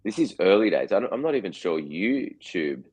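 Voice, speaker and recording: A man's voice: low-pitched, very animated, moderate pace, darkish tone, breathy edge. An Australian man in his forties, a guest actor chatting in an interview, rambling with lots of restarts and repeated words. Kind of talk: casual interview chat.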